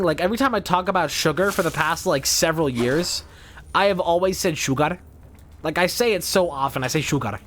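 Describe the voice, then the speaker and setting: A man streaming a game, rambling and swearing casually as he thinks out loud. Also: a little high, a little fast, slight background noise. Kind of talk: casual gameplay commentary.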